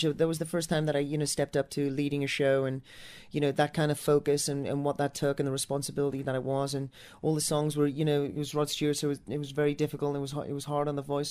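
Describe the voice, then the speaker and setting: A man's voice: on the high side, darkish tone, clear, resonant tone. A man from Newcastle, England, with an accent mixing American and Northern English, answering interview questions about his stage career in a rambling way with many restarts. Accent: mix of American and Northern English. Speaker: musical theatre actor and singer.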